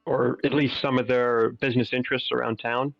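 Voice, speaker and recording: Gravelly-voiced male player on a dull mic. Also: mid-range voice, level tone, a little fast, no echo, faint music behind. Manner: casual, hesitant. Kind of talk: tabletop game play.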